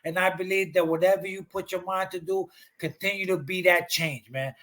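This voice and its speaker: A man's voice: high voice, fairly even intonation, normal speed, a bit bright. A man co-hosting a podcast, talking bluntly and passionately with plenty of swearing. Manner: blunt, fired-up, swears freely. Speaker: podcast co-host. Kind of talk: motivational talk.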